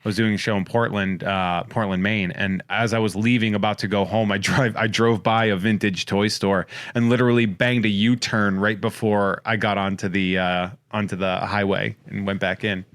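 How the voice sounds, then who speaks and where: Man, podcast host, casual comic banter, quick wry shout-outs, dry close sound. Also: fairly low pitch, level tone, no room sound. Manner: rapid-fire jokey shout-outs, wry and crude. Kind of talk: casual comedic chat.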